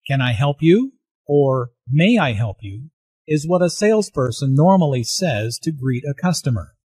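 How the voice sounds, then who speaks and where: A man reading out explanations of English expressions in a plain, measured way. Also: fairly high pitch, big pitch swings, a little mellow, breathy edge, dry recording. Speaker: English teacher. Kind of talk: scripted dialogue and teaching narration.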